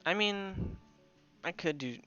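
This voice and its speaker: A man's voice: high voice, animated, slow, bright, forceful tone, smooth, muffled recording, soft background music. A young man chatting loosely while streaming a game, rambling with many restarts. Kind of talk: casual gameplay commentary.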